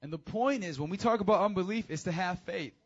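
A youth pastor, male, delivers a relaxed but high-energy sermon to teenagers, using call-and-response. He speaks quickly, and the audio is lo-fi.

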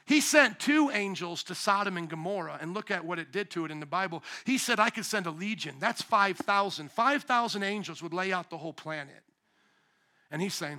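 Animated high-voiced male preacher. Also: normal speed, gravelly. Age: young adult to middle-aged, a parent of young children. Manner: animated preaching, swinging between loud emphatic bursts and quiet low asides. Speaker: pastor. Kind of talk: sermon.

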